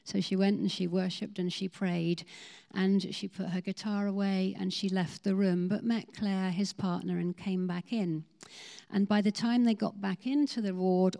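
A woman's voice: medium pitch, steady tone, moderate pace, creaky, dark tone. A woman telling testimony stories in a sermon, acting out the voices of the people she quotes. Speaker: ministry team leader.

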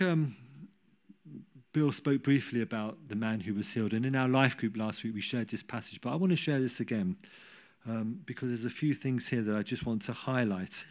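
A man preaching a sermon, telling a Bible story with humorous asides and rising to loud cries when he quotes. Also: medium pitch.

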